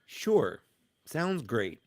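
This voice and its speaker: A man in a relaxed chat with a gravelly, creaky voice at middling pitch. He tells stories easily and trails off into laughter, heard up close on a dry mic. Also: extremely slow, no room sound. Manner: laid-back storyteller, trails off with laughs. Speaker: guest. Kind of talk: casual chat.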